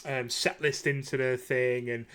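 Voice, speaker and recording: A man's voice: medium pitch, steady tone, measured pace, fairly bright tone, clear, resonant tone. A man, chatting casually as a podcast host and rambling enthusiastically. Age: 30s. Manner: rambling and enthusiastic, with frequent fillers and laughs. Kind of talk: casual chat.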